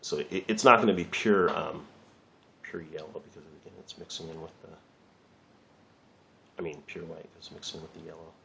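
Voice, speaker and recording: Rambling low-voiced man teaching art. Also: normal speed, vocal fry, pauses often, sharp tone. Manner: rambling, chatty, swears lightly, laughs at himself. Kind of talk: casual drawing lesson.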